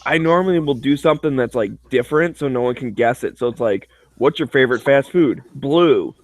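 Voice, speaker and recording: A male show host chats casually, telling stories full of swearing and acting out other people's voices in an animated way. His voice is mid-range and fairly quick.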